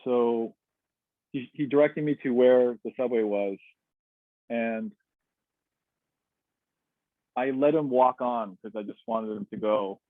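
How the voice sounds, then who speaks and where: A man with a mid-range voice tells his own story, candid and reflective, pausing on fillers and restarting his sentences. The sound is tinny and phone-like, completely dry, captured over a video call. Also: medium pitch, no room sound. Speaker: webinar guest. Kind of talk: personal storytelling. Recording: tinny dry webinar audio.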